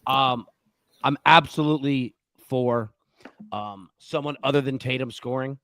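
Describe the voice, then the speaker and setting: A man's voice: mid-range voice, steady tone, measured pace, a bit bright, smooth, no room sound, studio quality. A middle-aged man hosting a sports betting show, ranting bluntly and swearing, repeating himself for emphasis. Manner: heated, blunt, swearing rant with repeated phrases.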